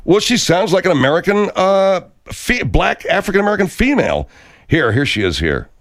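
A man's voice: high-pitched, very animated, normal speed, fairly bright tone. A man hosting a radio comedy talk show, hesitant and often exasperated. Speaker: host.

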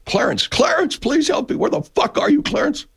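A man doing an impression of a desperate old-film hero who pleads and curses in a strained, high voice. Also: sing-song, normal speed, creaky, full character voice. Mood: pleading.

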